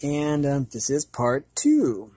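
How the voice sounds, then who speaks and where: A man's voice: mid-range voice, wildly swooping pitch, takes it slowly, warm tone, a little hiss or hum. A man reading a children's book aloud as host of his channel, hesitant, with many fillers and repeated words.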